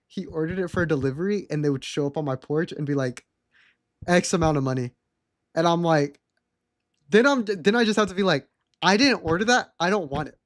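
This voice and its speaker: A young man talks to his stream from a desk mic at home, chatty and candid and cursing freely as he tells stories. His voice sits a bit high for a man. The sound is close and dry, with no room echo. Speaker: livestreamer. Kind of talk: casual storytelling to a live chat.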